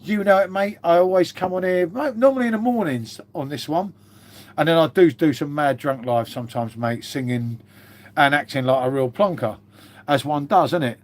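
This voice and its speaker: A man's voice: on the high side, normal speed. A man chatting casually on a live stream, swearing freely and calling his viewers mate.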